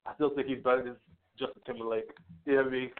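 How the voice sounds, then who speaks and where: A man's voice: mid-range voice, little pitch movement, racing, a little hiss or hum. A man co-hosting a casual sports and music chat, laid-back and chuckling. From the Bronx, New York. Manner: laid-back, repeats "you know what I mean", chuckles. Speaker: podcast co-host. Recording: tinny phone-line sound.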